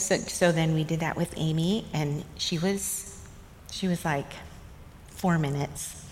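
A middle-aged woman telling motherhood memories in a tender, reflective way, often laughing softly. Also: lowish voice, slight background noise. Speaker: guest sharing motherhood memories. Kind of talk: casual storytelling chat. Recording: long room reverb, faint ambience.

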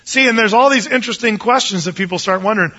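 Talking fast in a bright, high voice, a man teaches a Bible passage with a relaxed, jokey energy. He animatedly acts out the voices of the people in the story, and the audio comes across muffled and lo-fi.

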